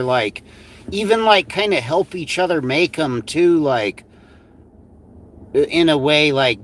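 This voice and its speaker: A man co-hosting a live stream in casual, profane commentary. His fairly high voice swings widely up and down as he reacts in exasperation, piling on curses and fillers. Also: fairly bright tone. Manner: exasperated, swears constantly, many fillers. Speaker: livestream co-host.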